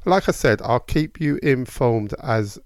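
A man's voice at middling pitch, presenting a radio chart countdown. He reads each position in a steady, drawn-out announcer cadence. The sound is dry and close. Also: no room sound.

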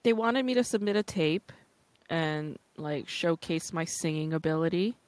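A woman's voice: low-pitched, normal speed, darkish tone, dry recording. A woman hosting a podcast in casual chat, talkative and laughing often. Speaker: podcast host.

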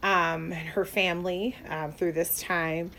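A woman's voice: fairly low pitch, fairly even intonation, measured pace, vocal fry, bright, forceful tone. A young woman co-hosting a podcast in casual chat, rambling with many fillers and restarts and laughing often. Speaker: podcast co-host.

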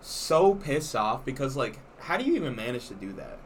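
A young man on a casual podcast tells a story with animated energy. He swears freely as he goes. Faint background noise sits under his voice. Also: mid-range voice, moderate pace. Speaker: podcast co-host. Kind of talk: casual chat.

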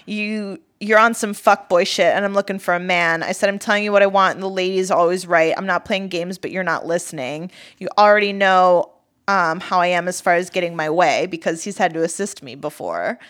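A woman's voice: fairly low pitch, fairly quick, a bit bright. A woman telling a story in casual chat, bluntly reading out text messages.

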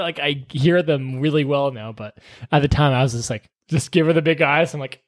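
A young man with a fairly high voice chats casually. He tells rambling stories, often breaks off to restart his sentences, and swears freely. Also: brisk. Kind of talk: casual chat.

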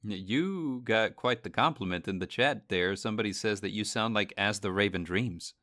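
A man's voice: lowish voice, normal speed, pushed and bright, no echo, studio quality. A man co-hosting a casual podcast, rambling with many fillers and laughing easily. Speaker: podcast co-host. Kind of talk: casual chat.

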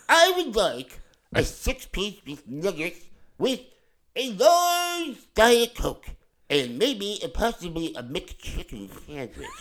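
A man's voice: sits high, a bit bright, pitched above the performer's own voice, heavily acted. A man putting on a strained goofy voice. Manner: slow and labored, pushing out each word.

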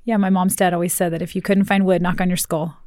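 A woman's voice: on the low side, little pitch movement, fast, darkish tone, no room sound, clean studio sound. A woman in her fifties co-hosting a podcast in casual chat, frank and teasing, laughing often. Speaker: podcast co-host.

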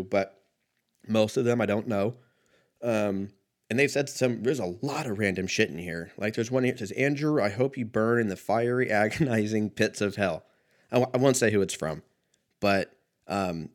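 Rambling, swearing man in his thirties. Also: fairly low pitch. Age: 30s. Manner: rambling, self-mocking, swears a lot, laughs often. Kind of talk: casual solo monologue.

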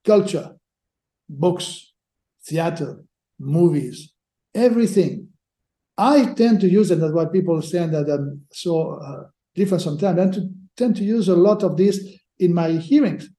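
Halting speech with repeated words marks this podcast guest, a sports lawyer, as he looks for phrasing in his interview answers. His voice is high and dark-toned, recorded with roomy echo.

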